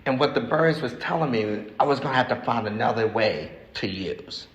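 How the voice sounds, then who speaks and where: A man in his sixties giving a recovery testimony at a meeting, talking frankly and haltingly, repeating himself as he tells his story. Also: medium pitch, expressive, highs cut off. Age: 60s. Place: meeting hall. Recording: echoey hall with faint noise.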